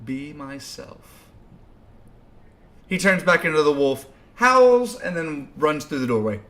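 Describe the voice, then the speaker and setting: Laid-back male game master, halting. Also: on the high side, animated, a bit bright. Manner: casual, halting, laughs often. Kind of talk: narrating a tabletop game.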